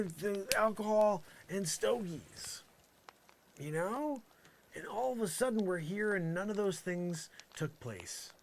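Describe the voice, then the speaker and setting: A man's voice: high voice, a bit bright, a little hiss or hum. A man doing an improvised comedy monologue, rambling with exasperated sarcasm and lots of filler phrases. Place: campsite, pretend outdoors.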